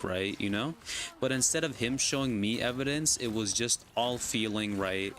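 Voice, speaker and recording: Man, lowish voice, casual gaming-stream rant, argumentative, repeats "right?", faint background noise. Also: fairly bright tone. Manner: argumentative, constantly asks "right?" and "you know?".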